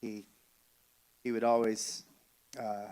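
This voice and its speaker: A man telling a family story at a funeral service, speaking haltingly with frequent restarts and soft chuckles. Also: fairly low pitch, monotone. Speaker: family member giving a eulogy.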